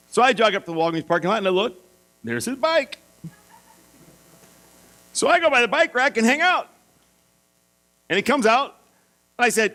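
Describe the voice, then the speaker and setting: A middle-aged male pastor telling a self-mocking story in a sermon, animated and playful. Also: sits high. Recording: mains hum.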